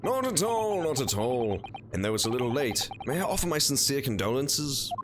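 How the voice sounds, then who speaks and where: A man voicing an eccentric, aloof British gentleman detective in a theatrical, airy, mocking manner. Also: medium pitch, big pitch swings, moderate pace, noisy background, pitched above the performer's own voice, natural voice. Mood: gracious.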